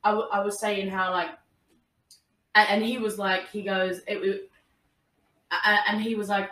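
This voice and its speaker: A young woman telling a story in casual chat, animated, acting out what people said and laughing often. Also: mid-range voice, moderate pace, long pauses, distant mic. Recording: roomy, a little off-mic.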